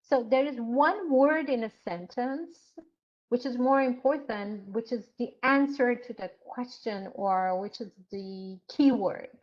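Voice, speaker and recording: A woman instructor giving an online lecture, explaining slowly with frequent hesitations and fillers. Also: on the high side, muffled recording.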